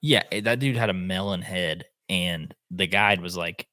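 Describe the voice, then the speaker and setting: A man, a podcast host telling an animated hunting story in casual chat. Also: low-pitched, a little slow, no echo, studio quality. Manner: animated, acts out quotes in voices.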